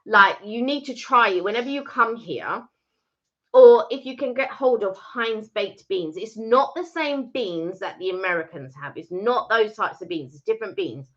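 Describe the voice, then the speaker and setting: A British woman chatting on a live stream in a bright, animated voice that swings freely in pitch. She argues her case with insistent repetition. The audio is slightly muffled and lo-fi. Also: normal speed. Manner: emphatic, persuasive, repeats her point. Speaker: co-host of a live chat stream. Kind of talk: casual live-stream chat.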